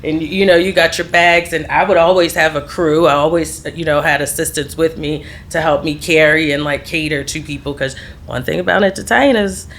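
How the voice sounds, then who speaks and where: Low-voiced woman telling her story. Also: moderate pace, hardly any pauses, fairly bright tone, a little hiss or hum. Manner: laughs readily, trails off and restarts. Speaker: guest. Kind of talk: candid conversational storytelling.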